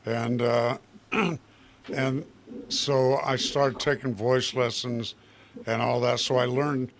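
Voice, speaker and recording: Older guy singer chatting, lots of uhs, slow and halting. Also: mid-range voice, fairly even intonation, a little hiss or hum. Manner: halting, many uhs and restarts. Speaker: guest singer. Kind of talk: relaxed studio chat.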